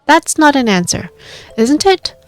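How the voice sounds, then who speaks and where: A woman voicing a male detective, wry, dry humor, quick replies. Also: high-pitched, sing-song, voice pushed up.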